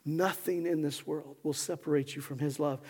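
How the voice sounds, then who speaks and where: A man's voice: on the high side, fairly even intonation, normal speed, husky. Impassioned man preaching in a reverberant hall. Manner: impassioned preacher, swings from hushed to shouting. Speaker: pastor. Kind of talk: sermon. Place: church sanctuary.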